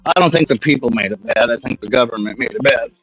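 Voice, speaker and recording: A man's voice: medium pitch, fast talker, a bit bright. A man co-hosting a casual chat, joking and chiming in with short remarks. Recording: dull lo-fi stream audio with faint music.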